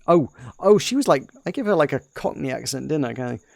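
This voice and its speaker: Brief: male let's-player, gravelly and wry, close dry mic. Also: on the high side, animated, fast talker, hardly any pauses, no room sound. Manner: wry, rambling. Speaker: game commentator. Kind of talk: casual let's play chat.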